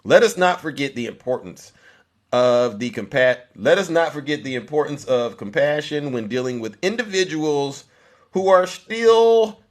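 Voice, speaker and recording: A man's voice: a little high, expressive, normal speed. A man hosting a live stream of political commentary. He reads a prepared text in a mock-solemn tone and breaks it up with sarcastic, teasing asides to his viewers.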